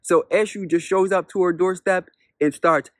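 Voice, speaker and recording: A man who is a spiritual teacher, telling a parable as a lesson in an unhurried way, repeating points and asking rhetorical questions. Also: high-pitched, fairly even intonation, dry recording, studio quality. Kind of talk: storytelling lesson.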